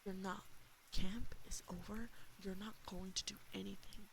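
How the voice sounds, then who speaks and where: A woman's voice: mid-range voice, steady tone, unhurried, gravelly, fairly bright tone, slight background noise, rough recording. A woman voicing a frightened but defiant boy camper in a whispered role-play on a binaural mic. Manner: pleading then defiant. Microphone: binaural ASMR mic.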